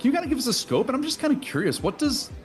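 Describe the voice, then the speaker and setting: A man's voice: very high-pitched, big pitch swings, racing, faint music behind. A man from Wisconsin co-hosting a podcast, asking long, winding questions in a casual way. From Wisconsin, USA. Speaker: podcast co-host.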